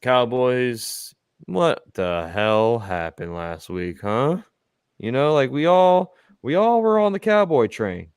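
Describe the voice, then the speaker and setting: A man hosts a casual sports talk stream in an animated, joking way, his voice sitting at an ordinary middle pitch. The sound is dry and close, with no room echo. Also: takes it slowly, clear, resonant tone. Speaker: host.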